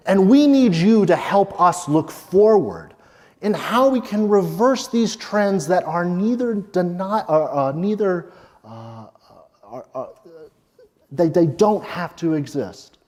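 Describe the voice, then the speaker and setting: A man's voice: fairly high pitch, a little mellow, long reverb tail. A man presenting his research as a lecture, speaking directly to the audience and checking in with "okay?" and "right?".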